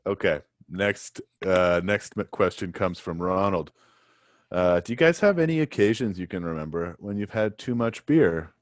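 A man with a very low voice co-hosting a relaxed podcast. He delivers dry, deadpan jokes at his own expense. The mic is close and dry. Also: normal speed, no room sound. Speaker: podcast co-host. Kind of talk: casual chat.

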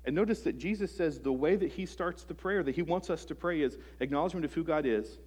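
A man preaching a sermon to a congregation. He is earnest, asks them rhetorical questions, restarts phrases often and lets his sentences trail off softly. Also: on the high side. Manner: halting restarts, soft trailing phrase ends. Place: church service before a congregation.

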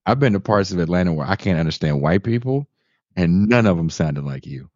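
Deep-voiced, animated man hosting a podcast. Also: brisk, no room sound. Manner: animated, laughing, storytelling. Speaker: podcast host. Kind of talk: casual chat. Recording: dull lo-fi sound.

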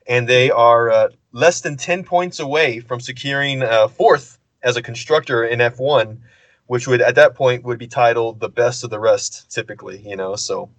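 An easygoing man co-hosting a podcast, with a middle-pitched voice and a relaxed manner. He leans on fillers as he chats, recorded close and dry. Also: moderate pace, no room sound. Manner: easygoing, relaxed, many fillers like "uh" and "you know". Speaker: podcast co-host. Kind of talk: casual chat.

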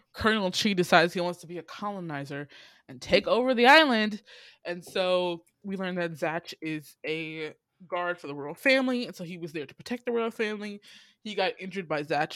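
A podcast host recapping a movie in a casual, animated way, acting out quoted lines and laughing often. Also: medium pitch, normal speed, no room sound.

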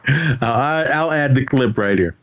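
A man's voice: mid-range voice, animated, measured pace, lo-fi sound. A man co-hosting a podcast, recapping films in casual chat with lots of fillers and quoted lines. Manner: rambling and hesitant, full of fillers, acting out film lines. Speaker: podcast co-host.

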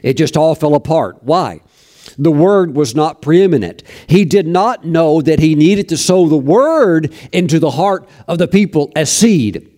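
A man's voice: on the high side, lively intonation, unhurried, a little mellow. A man preaching a sermon, telling stories from his ministry in a folksy, anecdotal way with frequent restarts. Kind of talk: sermon storytelling.

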